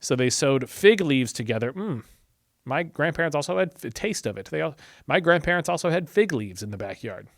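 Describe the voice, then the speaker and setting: A man's voice: on the high side, lively intonation, a little fast, creaky, no echo, studio quality. A man hosting a channel, reading scripture casually with chatty asides and tangents.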